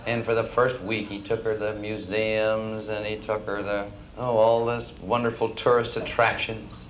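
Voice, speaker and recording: A man's voice: lowish voice, little pitch movement, moderate pace, slight background noise, poor audio. A man telling jokes as a stand-up comedian and host, a breezy storyteller who laughs at his own punchlines.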